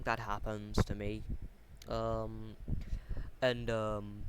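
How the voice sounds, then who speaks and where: A man's voice: lowish voice, steady tone, takes it slowly, pauses often. A man casually retelling a fan story, hesitant and full of ums and restarts, talking into a computer mic on a voice chat. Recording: noisy home mic recording.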